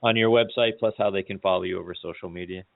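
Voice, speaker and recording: A man hosting an interview, asking questions and praising his guest warmly. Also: low voice, steady tone, quick pace, vocal fry, no echo. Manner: warm, complimentary toward the guest. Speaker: podcast host. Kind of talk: interview host. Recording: tinny phone line, dry.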